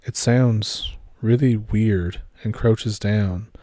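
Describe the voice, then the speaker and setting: A man narrating a horror story in a steady, measured way. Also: fairly low pitch, slight background noise.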